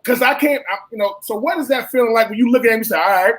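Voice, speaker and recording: A man, a co-host and former college player, asking long, animated questions in casual talk and often repeating himself. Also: very high voice, rapid-fire.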